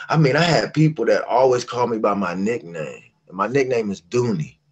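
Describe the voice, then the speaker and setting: Animated storytelling man from West Virginia. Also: fairly low pitch, normal speed, breathy edge. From West Virginia, USA. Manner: animated, acts out quoted voices. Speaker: guest singer. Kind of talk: casual interview storytelling.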